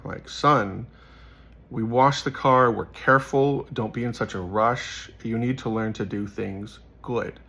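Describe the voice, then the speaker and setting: A man's voice: a bit bright, breathy edge. A young man giving a casual faith talk, telling stories and acting out the people he quotes. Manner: storytelling, acts out quotes with rising pitch. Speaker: host.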